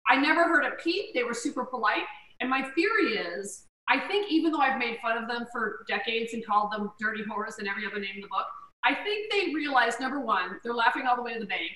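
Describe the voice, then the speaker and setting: Bright high-voiced woman telling stories, roomy. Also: fast, recorded from a distance. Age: middle-aged. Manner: animated storyteller who acts out quoted voices. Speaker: guest comedian. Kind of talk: casual storytelling chat. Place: home kitchen. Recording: roomy, from off the mic.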